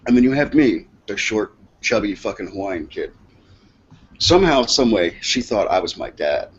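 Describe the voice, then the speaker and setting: A man's voice: lowish voice, big pitch swings, normal speed, breathy edge. A man co-hosting a casual talk show, telling long rambling stories full of profanity. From Massachusetts. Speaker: co-host. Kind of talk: casual chat, storytelling. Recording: dull lo-fi sound with faint noise.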